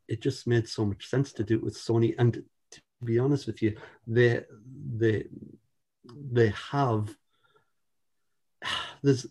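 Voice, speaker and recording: A man's voice: mid-range voice, warm tone. A man in his sixties, a musician being interviewed, telling rambling stories full of restarts in casual chat, with the odd swear word.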